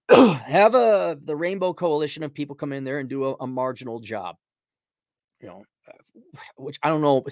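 A middle-aged man with a slightly high-pitched voice rants sarcastically from his livestream desk. He rambles, restarts, and shifts into mocking tones. The sound is close and dry, with no room echo. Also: moderate pace, long pauses, a little mellow. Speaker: livestream host. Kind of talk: casual opinionated commentary.

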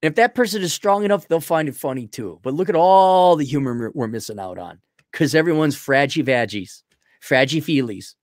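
A young man hosting a livestream, reading out donations and giving blunt, crude opinions, swinging from loud outbursts to low mumbling. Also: lively intonation, normal speed, no room sound, clean studio sound. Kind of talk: casual opinionated monologue.

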